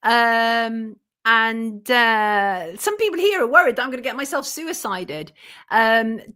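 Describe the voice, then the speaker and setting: A woman's voice: fairly high pitch, slow. A woman hosting a livestream, reading viewer comments aloud and answering them bluntly. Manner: blunt and self-declared belligerent, thanking viewers warmly. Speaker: journalist and show host.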